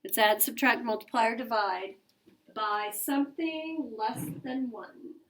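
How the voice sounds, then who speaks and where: Brief: middle-aged female teacher, high voice, brisk classroom delivery, quizzes the kids. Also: background noise. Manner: brisk, coaxing questions to the class. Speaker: elementary school teacher. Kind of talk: classroom math lesson.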